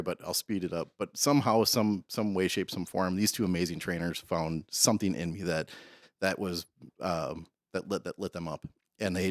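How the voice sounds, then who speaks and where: A man's voice: low voice, dry recording, studio quality. A man, a police dog trainer and guest, telling rambling stories in a casual interview. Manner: rambling, self-interrupting storyteller.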